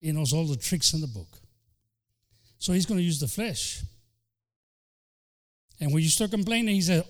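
Fervent pastor preaching, voice rising and falling. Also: male voice, fairly high pitch, lively intonation, moderate pace, pauses often. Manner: fervent preaching with sudden shifts from loud to soft; acts out quoted voices, including the devil. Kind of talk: bilingual sermon.

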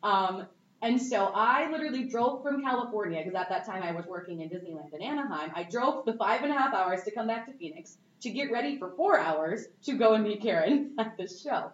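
A young woman telling a story in a bubbly, animated way, full of "like"s. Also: medium pitch, a little fast. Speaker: cosplayer guest. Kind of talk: casual storytelling. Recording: echoey, dull, distant mic with faint noise.

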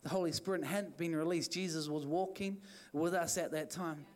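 A man's voice: fairly high pitch, steady tone, normal speed, a little mellow. A man preaching an evening church sermon, urging the listeners on in fervent, repetitive phrases. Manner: fervent, repetitive exhortation with restarts. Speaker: pastor.

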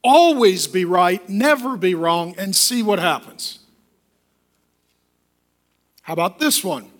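A man preaching a sermon as a pastor, emphatic and lively, often acting out the voices of the people he quotes. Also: high-pitched, takes it slowly, pauses often.

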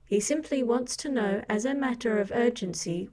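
Prim, deadpan woman with a mellow tone. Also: on the high side, moderate pace. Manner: formal, prim, deadpan delivery. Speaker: podcast co-host and assistant. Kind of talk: scripted comic deadpan.

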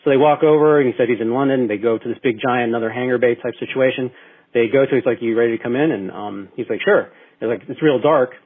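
A man's voice: mid-range voice, fast, husky. Rambling man on a tinny line. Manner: rambling storyteller with many restarts and fillers. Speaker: podcast co-host. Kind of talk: casual chat. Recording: tinny phone-like internet radio sound.

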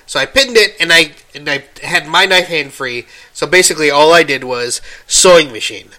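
A man hosting a podcast, telling a story in casual solo talk while getting over an illness, halting with many ums and restarts and stopping now and then to cough. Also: a little high, sharp tone. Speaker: podcast host.

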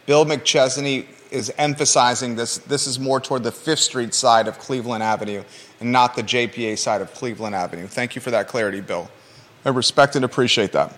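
A man's voice: mid-range voice, fairly even intonation, brisk, fairly bright tone, long reverb tail. A man hosting a local talk show, reading news items and then bantering playfully with his co-host with lots of teasing questions.

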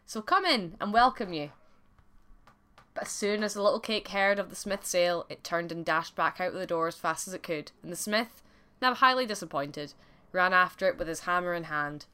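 A woman narrating a folk tale for a podcast in a clear, expressive storytelling voice. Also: on the low side, fairly quick.

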